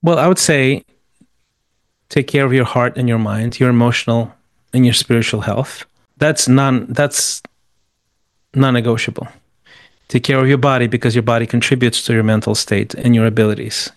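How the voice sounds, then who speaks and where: A man's voice: medium pitch, no room sound. A man answering interview questions with motivational business advice, emphatic and repeating words as he rattles off lists. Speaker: guest.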